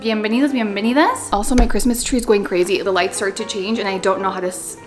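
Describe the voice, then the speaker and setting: A young woman talking casually to the camera at home, chatty and animated, slipping Spanish words into her English. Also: medium pitch, fast, soft background music. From Los Angeles, USA. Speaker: vlogger. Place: home with a Christmas tree.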